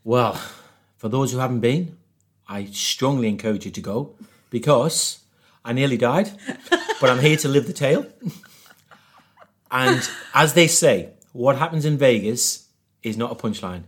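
Speaking slowly with long pauses and a medium pitch, this podcast guest is a man from northeast England with a Geordie accent. His travel tales are casual and lively, full of frequent laughter and quotes he performs.

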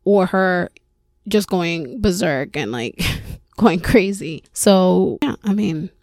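A woman's voice: lowish voice, lively intonation, slow pace, a little mellow, no echo, studio quality. A young woman hosting a podcast, candidly telling personal stories with frequent swearing and laughter. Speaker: podcast host.

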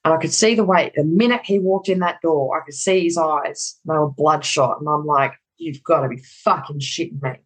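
A woman's voice: sits low, normal speed, few pauses, poor audio. A middle-aged woman telling a personal story in conversation, candid and casually swearing, acting out the dialogue.

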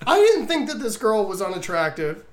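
Male podcast co-host, casual comic recap, very lively pitch, frequent laughter. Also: brisk. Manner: animated, laughs often, acts out quoted lines in exaggerated voices. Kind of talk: casual comedic movie recap.

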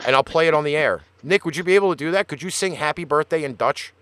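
A man's voice: on the high side, fast talker, a bit bright, dry recording. A man with a Brooklyn accent, hosting a casual radio show and swearing freely in blunt banter. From Brooklyn, New York.

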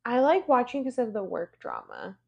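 A woman with a slightly high voice co-hosting a relaxed chat podcast. She is playful, laughs easily and drops in quick comments. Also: creaky, breathy edge, highs cut off. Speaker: podcast co-host. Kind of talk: casual chat.

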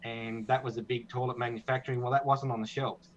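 A man with an Australian accent chatting casually on a video call, rambling with lots of halting restarts. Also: medium pitch, little pitch movement, muffled recording.

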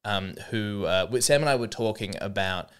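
A man around thirty with an Australian accent, a comedian hosting a podcast, telling stories in a rambling, animated way with lots of restarts. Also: on the low side, moderate pace, smooth. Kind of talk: casual comedic monologue.

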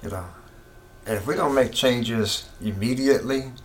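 A middle-aged man rants in a casual opinion monologue, circling back to the same points with rising fervor. His voice sits at an ordinary pitch. A faint hiss of noise runs underneath. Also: moderate pace. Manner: impassioned, ranting, repeats himself. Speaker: political commentator.

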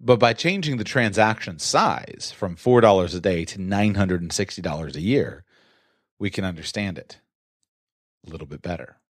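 A man's voice: expressive, moderate pace, no echo, studio quality. A man giving a conversational talk on personal finance, sometimes acting out his own surprised inner voice. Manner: conversational, acts out mock-shocked self-talk with rising pitch. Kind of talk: explanatory solo talk.

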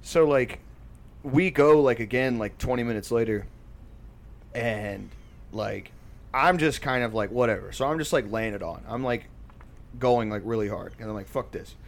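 A man's voice: medium pitch, normal speed, pauses often. Rambling man telling a story. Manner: rambling, profane, heavy filler words. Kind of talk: casual storytelling.

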